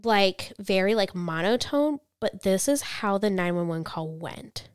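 A woman co-hosting a casual true-crime podcast, telling the story in a chatty way, with quotes read out flatly. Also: mid-range voice, unhurried, clear, resonant tone, no room sound, clean studio sound. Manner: chatty, reads quotes flatly then reacts.

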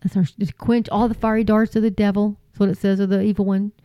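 A woman's voice: mid-range voice, flat delivery, fast talker, no echo, lo-fi sound. A woman preaching informally and earnestly to her viewers, folksy and repeating phrases for emphasis. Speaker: Christian YouTube preacher.

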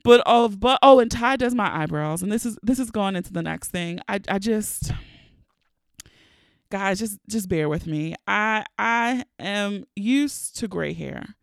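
A woman in her thirties hosting a solo podcast, telling candid, profane, expressive comedic stories. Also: medium pitch, a little slow, vocal fry, dry recording, studio quality. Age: 30s. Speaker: podcast host. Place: home recording during lockdown.

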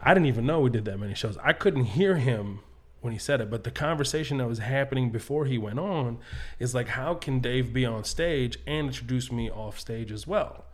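Comedian guest, male, animated storyteller who swears and acts out voices. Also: mid-range voice, a little fast. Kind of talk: casual podcast storytelling.

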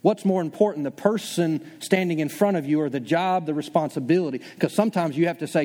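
A man preaching a sermon as pastor, talking conversationally and acting out his listeners' doubts in quick asides. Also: a little high, in a large hall. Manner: fast, animated preaching.

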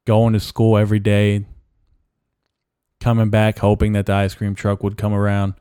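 A young man hosting a solo podcast, giving a halting, mock-mournful rant full of restarts. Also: fairly low pitch, dark tone, clear, resonant tone, no room sound, studio quality. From Mexican-American. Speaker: podcast host. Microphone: podcast mic.

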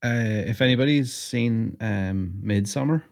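Guy co-hosting, real deep voice, chill and wry, swears casually. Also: moderate pace, darkish tone. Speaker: podcast co-host. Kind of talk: casual podcast chat.

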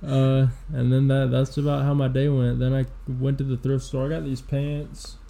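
Gravelly, mellow young man rambling. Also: mid-range voice, monotone, moderate pace. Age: 20s. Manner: rambling profane storytelling with lots of fillers. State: low energy. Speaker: podcast co-host. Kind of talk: casual chat.

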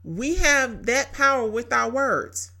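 A woman hosting a casual devotional talk, telling a story in an animated way with frequent laughter and emphatic repetition. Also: on the high side, slow pace. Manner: emphatic, repeats key phrases. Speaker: podcast host.

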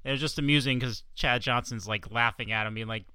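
A man's voice: mid-range voice, a little fast, pushed and bright, clear, resonant tone, no echo. A man co-hosting a casual sports podcast. He talks in a laid-back, meandering way and laughs often. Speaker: podcast co-host.

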